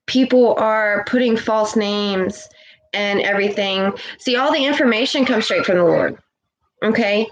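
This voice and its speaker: A woman's voice: on the high side, low-quality recording. A woman giving an earnest spiritual message on a live stream, preaching and often checking in with "okay?". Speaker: spiritual livestreamer.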